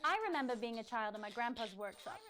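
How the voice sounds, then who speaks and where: Glib toy exec, fake American accent, bright and slightly high. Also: female voice, animated, quick pace. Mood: reminiscing. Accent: put-on American accent by an English actress. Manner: smooth salesy corporate pitch. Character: slick female toy company executive spokeswoman. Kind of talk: comedy audio drama acting.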